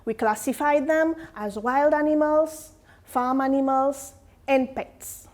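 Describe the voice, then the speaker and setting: A woman with a bright, high voice leads an English lesson for young learners. She explains patiently and keeps asking the class questions. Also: steady tone, takes it slowly. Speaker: English teacher. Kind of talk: classroom lesson addressed to students.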